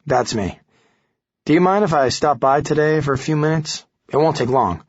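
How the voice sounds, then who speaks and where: An eager young reporter who stays polite while pressing for a meeting, as an audiobook narrator voices him. His voice sits a little higher than a plain reading, with a husky edge and a dry, dull lo-fi sound. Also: normal speed, no room sound.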